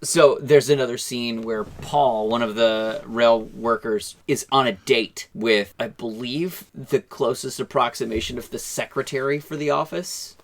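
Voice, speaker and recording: A man's voice: mid-range voice, fairly even intonation, unhurried, hardly any pauses. A man co-hosting a casual podcast, retelling movie scenes with laughter. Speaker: podcast co-host. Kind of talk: casual chat, film review.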